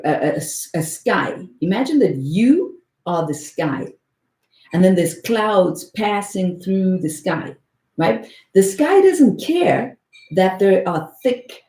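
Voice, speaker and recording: A woman's voice: lowish voice, dark tone, reverberant, low-quality recording. A woman in her forties teaching meditation on a call in an earnest way, often repeating words for emphasis and checking in with "right?". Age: 40s. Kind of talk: motivational talk on a call.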